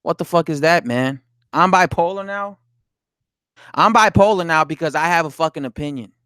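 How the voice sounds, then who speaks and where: A man's voice: fairly high pitch, moderate pace, bright, forceful tone, smooth, no echo, clean studio sound. A man live streaming about boxing, reading viewer comments aloud and answering them, swearing and indignant. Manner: talks to chat, reads comments aloud, swears, laughs, indignant. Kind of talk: casual live stream chat.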